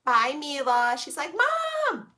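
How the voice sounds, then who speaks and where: Sassy young woman streamer, crisp bright tone, blunt slangy chatter. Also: mid-range voice, moderate pace. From Illinois, USA. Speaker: vlogger reading live chat. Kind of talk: casual live-stream chat.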